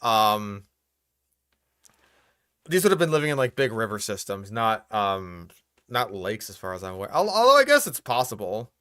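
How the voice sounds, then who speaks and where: A man's voice: fairly low pitch, big pitch swings, moderate pace, pauses often, sharp tone, smooth, no echo, studio quality. A young man hosting a reaction commentary, exasperated and profane, picking apart what he hears. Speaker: host reacting to a video.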